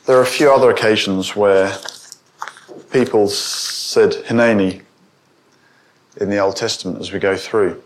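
A man's voice: fairly even intonation, measured pace, long pauses. A man preaching a sermon to a congregation. He asks them questions and raises his voice when he quotes. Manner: rises in pitch and volume when quoting, asks the congregation questions.

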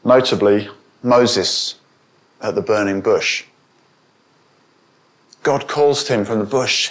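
A man preaches a sermon to a congregation, taking it slowly with long pauses. He asks his listeners questions, and his pitch and volume rise whenever he quotes.

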